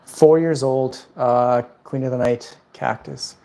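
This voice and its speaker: Speaking slowly in a mellow, steady mid-range voice, a man hosts a plant livestream from home, wandering casually through his answers to viewer questions.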